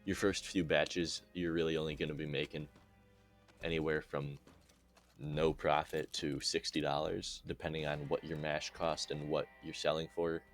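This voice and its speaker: A young man narrating a casual gameplay tutorial in a relaxed, chatty way with dry sarcastic asides. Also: rumbling low, normal speed, faint music behind. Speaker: game guide narrator.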